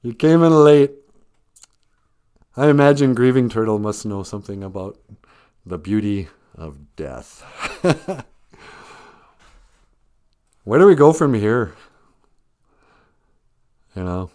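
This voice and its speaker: A man's voice: mid-range voice, big pitch swings, slow, pauses often, mellow, clean tone. A man hosting a casual live stream, reading out viewer comments, often chuckling and thinking aloud in a reflective way.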